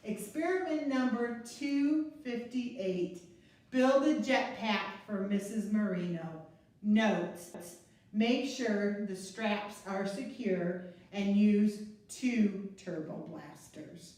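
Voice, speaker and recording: A woman librarian reading a picture book aloud to children, slow and expressive, with playful asides and gasps. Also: medium pitch. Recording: echoey room, mic at a distance.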